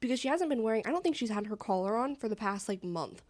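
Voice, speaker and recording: A young woman with a slightly high voice co-hosts a casual podcast chat. She tells her story in an exasperated, venting tone. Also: lively intonation, fast talker, darkish tone. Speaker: podcast co-host.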